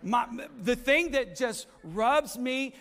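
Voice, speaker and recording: A male pastor, preaching a sermon that swells into shouted build-ups and drops to quiet asides. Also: extremely high pitch, lively intonation, takes it slowly.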